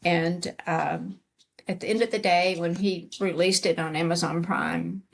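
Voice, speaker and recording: Woman, middle-aged, lowish husky voice, animated storyteller, interview guest. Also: a little slow. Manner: animated storyteller acting out quoted dialogue. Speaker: interview guest, retired Army command sergeant major.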